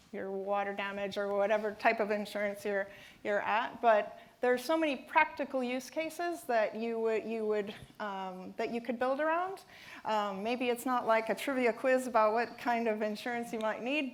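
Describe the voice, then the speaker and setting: A woman giving a conference talk and answering questions, speaking with frequent fillers and restarts. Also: fairly high pitch. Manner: hesitant, many fillers and restarts.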